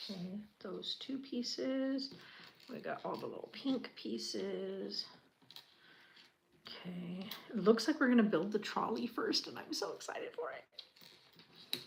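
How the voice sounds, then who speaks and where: A woman chatting casually as she builds a Lego set. She gushes with a lot of fillers and often drops to a quiet murmur. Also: mid-range voice, expressive, slow pace, vocal fry, long pauses, background noise. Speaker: channel host.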